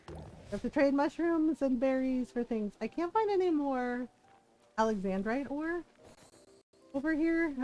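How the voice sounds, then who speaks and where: While playing a game on a live stream, a woman chats casually and tells anecdotes, acting out what her family members said. Her voice is medium-pitched with a darkish tone.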